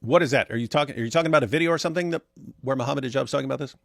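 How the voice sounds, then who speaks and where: A man with a gravelly, fry-laced voice of middling pitch, talking in a casual livestream. He reads viewer messages and answers them with sarcastic, mocking jokes. The sound is dry and close, with no room echo. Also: rapid-fire, a bit bright. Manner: sarcastic, mocking, joking asides. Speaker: livestream co-host reading super chats.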